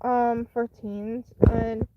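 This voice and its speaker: A woman's voice: fairly high pitch, little pitch movement, very slow, dull audio, background noise. A woman hosting a live stream, casually telling a personal story in a rambling, candid way with many fillers and restarts. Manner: chatty and candid.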